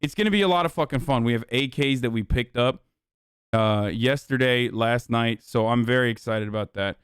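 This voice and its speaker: A young man streaming, chatting with his audience in a profane, mocking way and breaking into loud laughs. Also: mid-range voice, moderate pace, clear, resonant tone, no echo, studio quality. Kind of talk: casual livestream chat.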